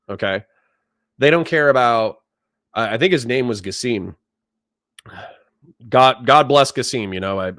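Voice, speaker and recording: A male streamer talks straight to his chat in a sarcastic, condescending tone, as though lecturing a class. His voice sits at a middle pitch and sounds close and dry, with no room sound. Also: fairly bright tone, no echo. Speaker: streamer host. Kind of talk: live-stream political commentary.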